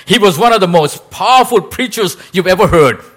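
A man's voice: high-pitched, expressive, fairly quick, breathy edge. A male preacher telling a story in a sermon, with a dramatic delivery that draws out quoted lines.

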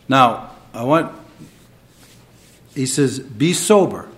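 A man preaching a sermon, moving between quiet reflection and emphatic, rising delivery. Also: medium pitch, animated, takes it slowly. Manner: dynamic, swings between soft and emphatic.

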